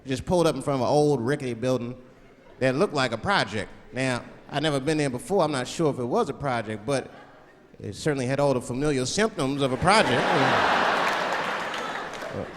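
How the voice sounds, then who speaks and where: A man with a Washington DC accent doing a stand-up comedy set, animated and slipping into put-on voices for his bits. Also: medium pitch, brisk, big-room sound. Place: large theater with live audience. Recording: live theater recording with audience noise.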